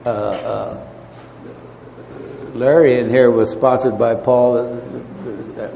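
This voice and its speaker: A man's voice: medium pitch, steady tone, gravelly, dark tone. Man with hesitant delivery in a reverberant hall. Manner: halting, many fillers and restarts. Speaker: recovery meeting speaker. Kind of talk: storytelling talk. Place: meeting hall. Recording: faint noise, long hall reverb.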